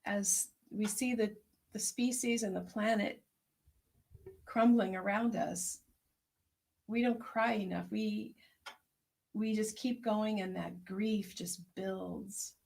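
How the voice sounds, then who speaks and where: A woman herbalist hosting an online tea circle, speaking in a gentle, unhurried, prayerful way as she reflects and reads out messages. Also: medium pitch, fairly even intonation, gravelly. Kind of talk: reflective spoken meditation and chat reading.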